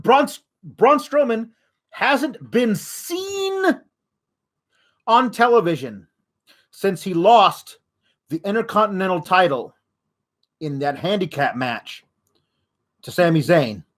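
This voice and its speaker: A male podcast host vents in an exasperated, profane rant. His voice sits high for a man, and the swearing never lets up. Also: animated, slow pace, pauses often, fairly bright tone. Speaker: wrestling news podcast host.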